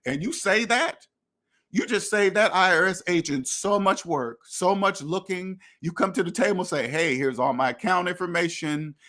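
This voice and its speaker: With a slightly high, bright, forceful voice, a man hosts a finance talk as a casual monologue. He lectures bluntly, plays out pretend conversations, and sometimes curses.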